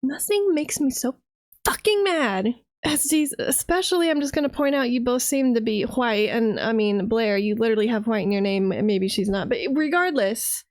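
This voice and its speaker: A fired-up woman from the United States, ranting as a vtuber streamer with plenty of swearing and sarcasm. Her voice sits a little high, and the sound is dry and close with no room around it. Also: normal speed, no echo. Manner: heated, profane, sarcastic. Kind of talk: reaction rant.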